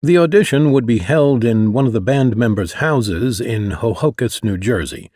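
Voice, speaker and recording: A man's voice: mid-range voice, darkish tone, slightly rough, no echo. A man narrating his own memoir in a wry, conversational way, close to the mic. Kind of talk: audiobook narration.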